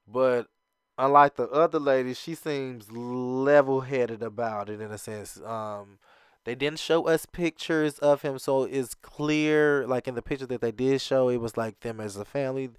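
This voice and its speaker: A young man chatting casually as he recaps a reality TV episode, animated, laughing often and acting out what the cast said. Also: normal speed, clear, resonant tone, dry recording, studio quality. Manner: chatty and animated, laughs often, acts out quoted lines in a higher voice.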